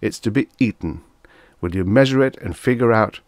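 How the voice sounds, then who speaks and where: A stern, suspicious starship captain who gives curt, commanding orders, read by a man. The deep voice is raised slightly for the part, recorded close and dry. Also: moderate pace, darkish tone, dry recording, lightly acted. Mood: brusque. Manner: brusque and commanding.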